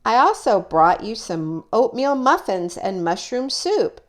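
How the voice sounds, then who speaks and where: A gentle mother moose from a children's storybook, as a woman puts her on. She talks in a soothing, motherly way, set higher than the reader's own voice. Her pitch swings widely. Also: very animated, a little slow.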